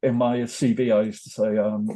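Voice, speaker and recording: A man's voice: lowish voice, flat delivery, normal speed, mellow. An older man with a North Welsh accent, telling rambling, self-deprecating stories as an interview guest. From North Wales. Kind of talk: casual interview storytelling.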